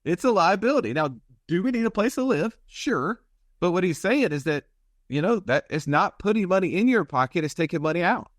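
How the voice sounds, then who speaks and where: A man's voice: high-pitched, expressive, fairly quick, dry recording. Man, podcast host, conversational, close dry mic. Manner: conversational, explains with repeated "right?". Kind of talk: casual podcast discussion.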